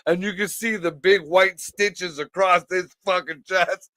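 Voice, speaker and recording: A man's voice: high voice, fairly even intonation, measured pace, sharp tone, no echo. A man co-hosting a casual podcast chat, blunt and profane, laughing often. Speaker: podcast co-host.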